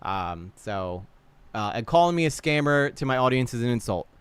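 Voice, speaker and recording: A man hosting a casual livestream reaction, animated and blunt, swearing freely while talking to his chat. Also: mid-range voice, normal speed, smooth, dry recording. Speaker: livestream host.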